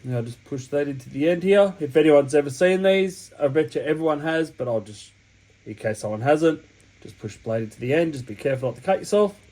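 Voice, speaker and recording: A man's voice: on the high side, lively intonation, fairly quick, mellow, poor audio. An Australian man with a slightly raised voice walks through a hands-on task in casual, wandering steps. He sounds a bit sniffly from a cold. His explanations keep looping back to correct themselves. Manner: rambling, chatty, self-correcting explanations. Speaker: hobby channel host. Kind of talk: casual step-by-step tutorial. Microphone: camera mic while working.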